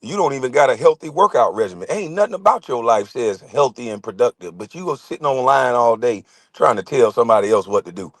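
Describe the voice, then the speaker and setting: A man's voice: mid-range voice, lively intonation, fast talker, few pauses, no room sound. Middle-aged guy ranting and cussing folks out on his channel, dry close sound. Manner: confrontational, trash-talking, swears constantly. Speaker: channel host. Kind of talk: profane ranting monologue to camera.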